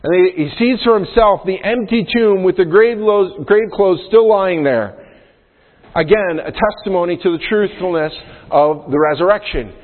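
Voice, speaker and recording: A man's voice: high voice, moderate pace. A male pastor preaching a sermon in a conversational way, often checking in with "right?" as he explains Scripture. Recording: phone-like sound in a long-reverb hall.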